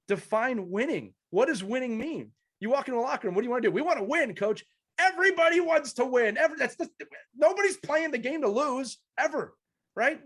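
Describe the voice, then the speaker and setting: A man's voice: extremely high pitch, a bit bright. A man hosting an interview podcast, telling personal stories earnestly with many restarts. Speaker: podcast host. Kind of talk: conversational interview.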